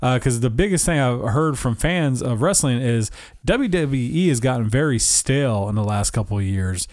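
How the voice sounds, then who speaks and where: A man's voice: mid-range voice, lively intonation, normal speed, a little mellow, no echo, studio quality. A man co-hosting a podcast in loose, rambling casual chat, laughing often and swearing now and then. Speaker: podcast co-host.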